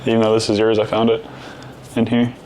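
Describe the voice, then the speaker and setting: A man's voice: lowish voice, completely flat delivery, brisk, darkish tone, a little hiss or hum, rough recording. A man co-hosting a casual podcast with brash, teasing banter, calling people bro. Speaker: podcast co-host.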